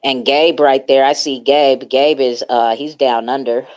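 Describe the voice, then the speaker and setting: Low-voiced laid-back woman hosting a chat. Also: steady tone, measured pace, a little mellow, dull audio. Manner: laid-back, laughs often, slangy, rambling with fillers. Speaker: host of a social audio chat room. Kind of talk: casual group chat.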